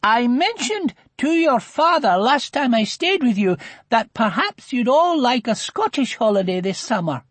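A man's voice: very high voice, big pitch swings, unhurried, fairly bright tone, breathy edge, no echo, voice pushed up, heavily acted. A man doing a cheerful, inviting aunt. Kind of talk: audiobook character reading.

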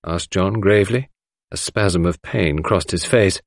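A man reading an audiobook aloud with expressive, measured narration on a close mic. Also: low-pitched, vocal fry, no echo. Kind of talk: scripted narration.

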